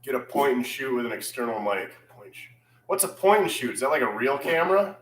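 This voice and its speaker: A man's voice: mid-range voice, sing-song, brisk, reverberant, low-quality recording. A man hosting a casual livestream from his repair shop, rambling and reading viewer comments aloud. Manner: laid-back, rambling, reads chat aloud. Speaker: channel host.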